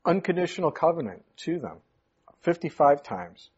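A man's voice: a little high, very animated, normal speed, husky. A male pastor preaching a sermon, emphatic, his voice rising sharply on key points. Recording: muffled lo-fi recording.

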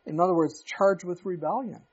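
Husky high-voiced preacher. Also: male voice, moderate pace, darkish tone, lo-fi sound. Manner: conversational, emphatic, asks rhetorical questions. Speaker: pastor. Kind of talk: expository sermon.

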